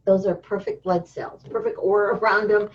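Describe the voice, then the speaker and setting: A woman who teaches healing appears as a guest in a casual interview, speaking at medium pitch and normal speed. She tells stories with real liveliness, acting out the voices of the people she quotes. The recording has a dull, lo-fi sound.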